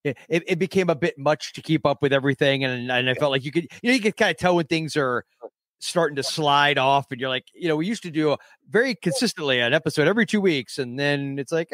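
A man's voice: on the high side, lively intonation, fast talker, a bit bright, no echo. A man who is a guest on a podcast, chatting casually over a call in a rambling, stammering way with joking asides. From Central Florida. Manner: rambling, stammering, self-deprecating humor. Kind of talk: casual chat. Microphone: remote call.

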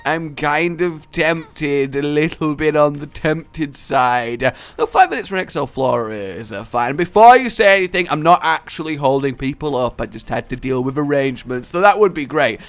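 A man's voice: on the high side, moderate pace, few pauses. Jokey, rambling gaming commentator man. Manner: energetic, jokey and rambling, with silly voices and asides. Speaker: gaming YouTuber. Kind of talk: gameplay commentary.

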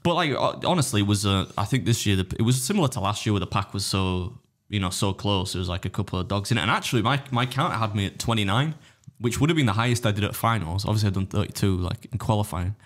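A man's voice: on the low side, lively intonation. A man co-hosting a casual podcast, telling stories at speed, acting out other people's quotes and swearing freely. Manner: rapid anecdotal storytelling, acting out others' quotes. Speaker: podcast co-host and competitive eater.

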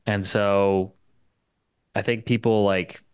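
A young man from Canada with a Canadian English accent, a guest talking casually in an interview, quick and full of fillers and restarts. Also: on the low side, level tone, clear, resonant tone, no echo. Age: young adult. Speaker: guest market commentator.

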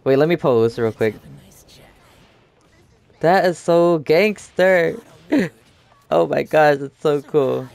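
A man's voice: a little high, slow, gravelly, long pauses, darkish tone, clear, resonant tone. Chatty young man rambling over gameplay. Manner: rambling, chatty, lots of fillers and restarts. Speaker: gaming YouTuber. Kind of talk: casual gameplay commentary.

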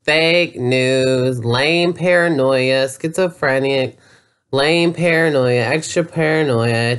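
A man's voice: fairly high pitch, slow pace, fairly bright tone, clean tone. A man doing a sarcastic comedy rant as a YouTuber, mocking and profane in a jeering way.

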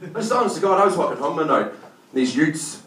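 A man's voice: on the high side, sing-song, fast, far from the mic. A man with a Northern Irish accent doing a brash, sweary stand-up comedy set. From Northern Ireland. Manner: brash, sweary storytelling, acts out characters. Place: comedy club stage. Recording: echoey club recorded from afar, loud crowd noise.

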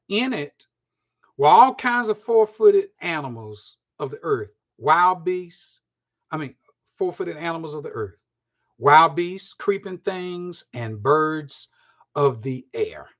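A man's voice: fairly high pitch, highs cut off. A man teaching a Bible study, talking in a conversational way, repeating phrases and often checking that his listeners are following.

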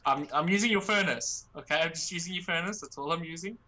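A woman's voice: fairly low pitch, fast talker, crowd noise. An Australian woman in casual gaming chat with friends, playful and teasing. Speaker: gamer.

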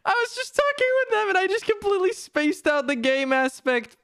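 A young woman streaming a game, loudly scolding herself and laughing at her own mistake. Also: extremely high pitch, sing-song, a little fast. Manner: exasperated self-scolding, shouting and laughing at herself. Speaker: VTuber streamer.

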